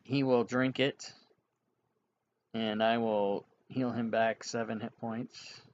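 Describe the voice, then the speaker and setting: A man's voice: medium pitch, flat delivery, slow pace, lo-fi sound, a little hiss or hum. A man narrating an online tabletop game as game master, casual and rambling, with many restarts.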